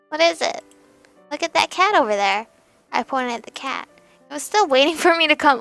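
A woman's voice: high-pitched, lively intonation, normal speed, vocal fry, sharp tone, no echo, faint music behind. A woman streamer reading a story game aloud and adding giggly, chatty asides.

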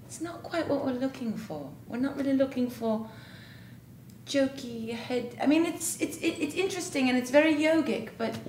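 A woman's voice: high voice, animated, normal speed, a little mellow, echoey room, a little hiss or hum. A woman playing an awkwardly polite judge.

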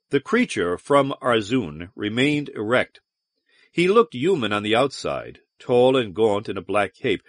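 A man narrating a science fiction audiobook in an expressive, varied storytelling manner. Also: medium pitch, no room sound, clean studio sound. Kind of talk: scripted narration.

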